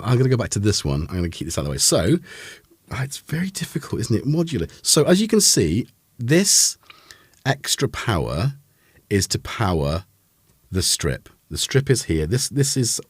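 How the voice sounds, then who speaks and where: A man's voice: fairly low pitch, big pitch swings, a little slow, slightly rough, no echo, studio quality. A man hosting a casual live synth demo, rambling with lots of fillers and self-corrections. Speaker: host of a synth livestream.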